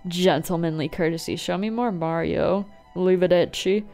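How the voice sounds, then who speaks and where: A woman giving excitable, jokey let's-play commentary as a gaming YouTuber. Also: fairly low pitch, moderate pace, faint music behind.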